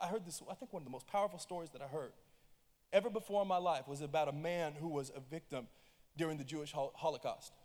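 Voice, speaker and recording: High-voiced impassioned preacher in a reverberant hall. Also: male voice. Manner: impassioned, swinging from hushed to loud. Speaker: pastor. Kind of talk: sermon. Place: church auditorium.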